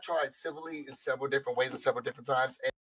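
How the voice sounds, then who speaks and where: A man on a livestream who speaks defensively and haltingly, repeating himself as he talks into a cheap boom mic. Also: fairly even intonation, fairly bright tone, a little hiss or hum. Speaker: rival streamer on camera. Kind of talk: heated livestream argument. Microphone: cheap boom mic on a swing arm.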